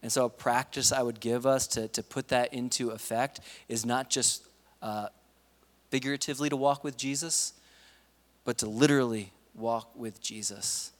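A man's voice: mid-range voice, fairly even intonation, normal speed. A man preaching a sermon in a casual, conversational way, acting out the stories he retells. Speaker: pastor. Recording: long reverb of a large hall.

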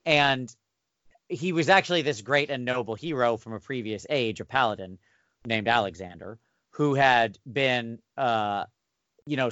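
A man's voice: mid-range voice, fairly bright tone, no echo. A man in casual chat as a podcast co-host and game master, explaining things thoughtfully and restarting his sentences. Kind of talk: casual chat about running tabletop games. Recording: dull dry recording.

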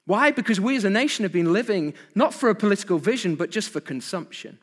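A man's voice: high-pitched, expressive, fast, in a large hall. A man preaching an evening sermon, asking his congregation rhetorical questions with emphasis. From Britain.

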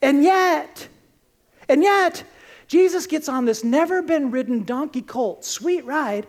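A woman preaching a sermon, telling Bible stories in an animated, conversational way and acting out the quotes. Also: high-pitched, measured pace.

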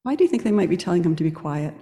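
A woman preaching a sermon in a church, telling the story in a lively way and quizzing the congregation. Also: lowish voice, racing. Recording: echoey church hall.

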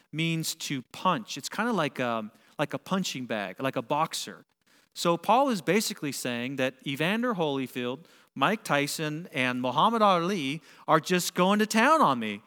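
Male preacher, fairly high voice, animated delivery, big hall reverb. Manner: animated, builds to emphatic peaks. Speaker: pastor. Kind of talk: sermon. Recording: long reverb of a large hall.

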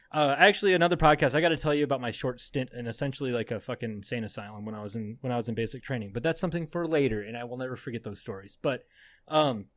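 A man's voice: mid-range voice, no room sound. A young adult man, a podcast co-host, telling a rambling story in casual chat, swearing often and laughing as he goes.

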